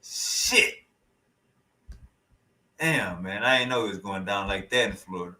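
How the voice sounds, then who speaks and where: A man hosting a livestream, reacting to a debate clip in loud, profane, mocking commentary that keeps repeating phrases. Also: fairly low pitch, expressive, measured pace, echoey room, poor audio. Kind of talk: casual live reaction commentary.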